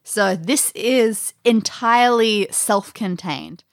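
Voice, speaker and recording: A woman's voice: mid-range voice, slow pace, no room sound, studio quality. A woman acting as game master, describing scenes in an escape-room game with light amusement.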